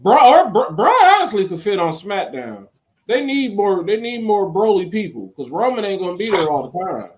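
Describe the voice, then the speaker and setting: A man's voice: sits high, sing-song, normal speed. A man co-hosting a podcast, chatting in a laid-back way. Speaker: podcast co-host. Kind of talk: casual chat.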